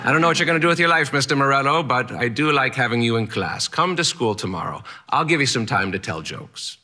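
Casting: an eccentric old male schoolteacher, blunt and theatrical, voiced high above his usual register with a bright, forceful edge, a man doing the voice. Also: expressive, fast. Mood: encouraging.

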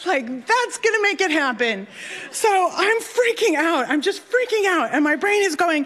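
Animated woman telling a story in a hall. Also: very high-pitched, normal speed. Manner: animated, self-deprecating comic delivery. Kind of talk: live personal storytelling. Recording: reverberant hall.

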